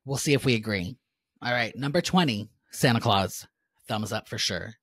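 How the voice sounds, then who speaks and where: A woman's voice: rumbling low, lively intonation, normal speed, fairly bright tone, no room sound. A woman co-hosting a podcast, reading out a list of movies and giving dry, understated reactions in casual chat. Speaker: podcast co-host.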